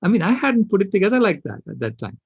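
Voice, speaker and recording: An older man speaking on a panel, telling a personal story in an earnest, halting way with fillers. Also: high voice, very animated, gravelly, slightly rough, dull audio. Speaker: panel speaker, systems engineer.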